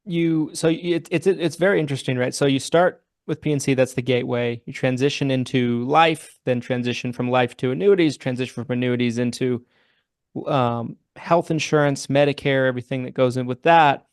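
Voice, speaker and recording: A man's voice: medium pitch, steady tone, moderate pace, smooth, no echo, clean studio sound. A man hosting a podcast interview, who gives short affirmations and asks follow-up questions. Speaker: podcast host. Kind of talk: casual interview.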